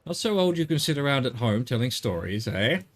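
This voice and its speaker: A man's voice: medium pitch, sing-song, brisk. A man voicing a grieving, devout old widowed father, reading game dialogue aloud in a subdued storytelling way. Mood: fond. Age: older.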